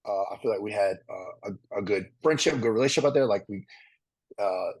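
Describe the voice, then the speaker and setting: A man being interviewed about his time on a competition show, talking in a quick, rambling way with lots of "like" and "uh" fillers. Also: on the low side, a little mellow. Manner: fast, rambling, fills with "like" and "uh". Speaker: reality show contestant interviewee. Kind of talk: candid interview.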